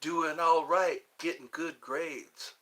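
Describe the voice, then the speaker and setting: A man's voice: fairly high pitch, fairly even intonation, slow pace, fairly bright tone. A man hosting a live stream, chatting in a rambling, playful way with viewers and saying he is a little tired. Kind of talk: casual live-stream chat.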